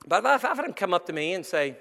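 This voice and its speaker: A male senior pastor preaching an animated sermon, breaking into shouts and acted-out quotes. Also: sits high, fast, creaky. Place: church sanctuary. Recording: long church hall reverb.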